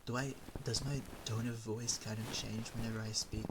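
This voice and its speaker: A man's voice: on the low side, flat delivery, normal speed, very noisy. A young man from the Philippines, chatting casually with his stream chat, thinking aloud with lots of fillers.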